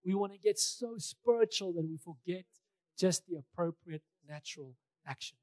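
A man's voice: high-pitched, moderate pace, a little mellow, no echo. A male pastor preaching a sermon in a conversational way, repeating key phrases for emphasis, with touches of light humor.

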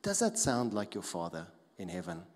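A man preaches a sermon, talking to the congregation in a lively, conversational manner. He often throws in short tag questions and rhetorical asides. His voice carries a long reverb from a large hall. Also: sits low, normal speed. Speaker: pastor.

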